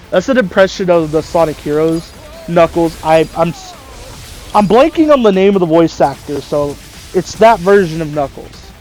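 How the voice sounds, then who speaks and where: A man's voice: on the high side, expressive, normal speed, darkish tone, soft background music. Rambling man thinking aloud. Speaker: gaming video host. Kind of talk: casual chat about voice impressions.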